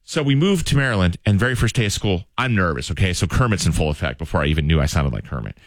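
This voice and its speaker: A low-pitched man chatting on morning radio, spinning a self-mocking story about his school days. His voice is close and dry, with no room around it. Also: lively intonation, fast, dry recording. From Massachusetts. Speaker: radio show host. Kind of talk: casual radio chat.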